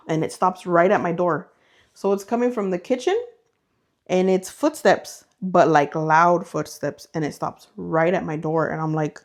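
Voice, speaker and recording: A woman's voice: on the low side, moderate pace. A woman co-hosting a podcast, telling ghost stories casually and acting out the voices and noises in them. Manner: animated, acts out voices and sounds in her stories. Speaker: podcast co-host. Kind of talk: casual storytelling chat.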